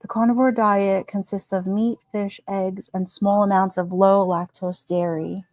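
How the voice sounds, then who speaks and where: A woman's voice: mid-range voice, unhurried, no room sound. Chatty woman reading live comments. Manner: chatty and animated, laughs often, many "like"s. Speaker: livestream host.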